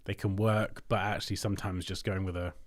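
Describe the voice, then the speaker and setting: Casting: man, lowish voice, easygoing livestream host who muses aloud while he works. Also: flat delivery, brisk. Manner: chatty, thinking aloud while working on screen. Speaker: livestream host reviewing designs. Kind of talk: casual livestream commentary.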